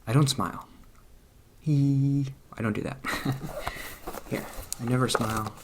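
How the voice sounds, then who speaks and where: A young man vlogging casually, awkward and self-deprecating, mumbling with soft laughs. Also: mid-range voice, fairly even intonation, slow, background noise. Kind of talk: casual chat.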